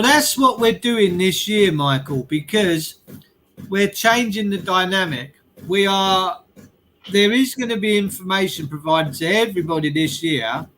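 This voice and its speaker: A man's voice: sits high, bright, forceful tone, a little hiss or hum, low-quality recording. A man, talking in an earnest, emphatic way in a casual chat and repeating his key phrases.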